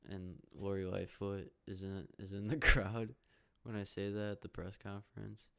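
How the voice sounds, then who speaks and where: A young man hosts a loose, profane solo podcast, jumping between jokes and reactions to a hockey game. His voice sits low and has a gravelly, fried edge. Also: level tone, normal speed, hardly any pauses. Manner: profane, rambling, jokey, reacts out loud to the game. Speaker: podcast host. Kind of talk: casual solo podcast rambling while watching hockey.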